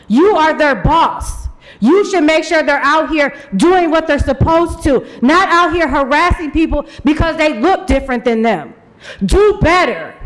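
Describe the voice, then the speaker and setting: A man at a podium microphone in a city commission chamber, his voice pitched very high. He delivers a forceful, accusing public comment, driving home each point with short repeated phrases. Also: low-quality recording.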